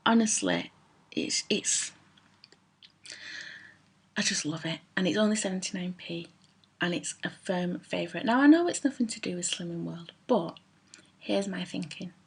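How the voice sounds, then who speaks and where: A woman's voice: fairly low pitch, normal speed, vocal fry, pauses often, slightly rough. A woman vlogging in a chatty, rambling, self-mocking way about favourite products. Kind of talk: casual chat to camera.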